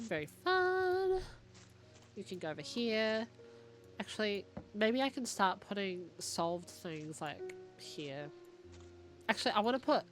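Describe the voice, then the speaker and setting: A young woman chatting through a game stream in a mid-pitched voice, excitable and thinking out loud as she reads text off the screen. Faint music plays behind her. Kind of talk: casual live-stream chat while playing a puzzle game.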